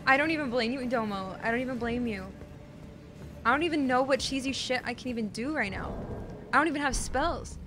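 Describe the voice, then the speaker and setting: A woman's voice: high voice, fairly quick. A young woman streaming a game live, talking to her chat, frustrated and swearing. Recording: music playing loudly behind.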